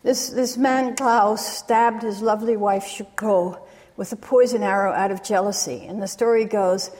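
A woman giving an academic lecture, retelling stories in a measured way with pauses. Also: mid-range voice, fairly even intonation, a little mellow. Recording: long reverb of a large hall.

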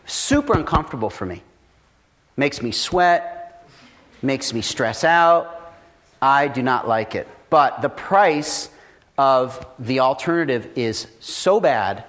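A man's voice: medium pitch, measured pace. Blunt, profane man giving business advice. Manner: profane, blunt, animated storytelling. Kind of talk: casual motivational talk.

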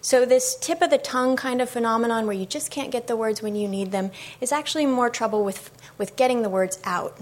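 Woman clinician giving a talk, slight vocal fry, chatty lecture manner. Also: medium pitch. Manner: many ums, conversational explaining. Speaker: speech-language pathologist. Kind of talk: public lecture.

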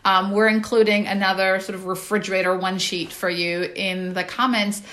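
A woman's voice: mid-range voice, flat delivery, normal speed, fairly bright tone. Conversational woman hosting a parenting talk. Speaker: parenting webinar host. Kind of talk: casual advice talk.

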